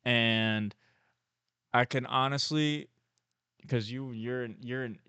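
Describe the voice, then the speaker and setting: A man's voice: medium pitch, slow pace, bright, forceful tone, clear, resonant tone, no room sound. A young man appearing as a guest on a casual podcast, talking in a laid-back way and dropping in jokes.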